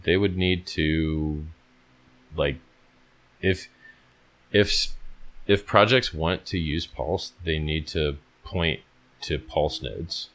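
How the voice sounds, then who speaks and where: Very deep-voiced blunt man. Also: fairly even intonation, extremely slow, pauses often, a bit bright. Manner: blunt, profane, reads viewer questions aloud. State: tired. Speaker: livestream host answering chat. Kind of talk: casual livestream chat.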